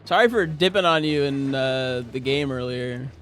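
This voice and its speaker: A man streaming a game, chatting casually with viewers in a joking way, dropping to mumbles and jumping up to high-pitched yelps as he laughs along. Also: normal speed, fairly bright tone, soft background music. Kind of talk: casual livestream chat while gaming.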